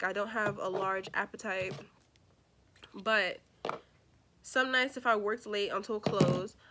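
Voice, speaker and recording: A young woman vlogger chatting casually through a storytime as she does her makeup, lively and expressive, acting out the people in her story. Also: medium pitch, slight background noise. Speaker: beauty vlogger.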